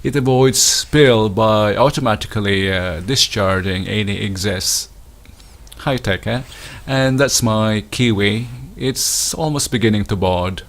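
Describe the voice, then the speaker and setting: This is a man from the Philippines touring his winter garden outdoors in a casual way. He talks slowly and hesitantly, often restarting and using fillers, and his pitch is on the low side.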